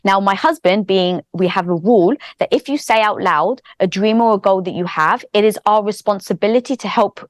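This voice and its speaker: A woman guest on a podcast, telling a personal story in an animated way and acting out her inner thoughts. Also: medium pitch, fairly quick, hardly any pauses, no room sound. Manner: animated, acts out inner dialogue in quotes. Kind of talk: conversational storytelling.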